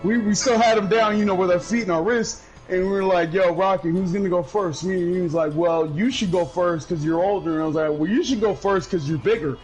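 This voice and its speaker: High-voiced, rowdy man telling a story. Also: a little fast, hardly any pauses, faint music behind, rough recording. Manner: loud, profane and animated, breaking into high laughs. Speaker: gaming streamer. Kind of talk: casual storytelling over gameplay.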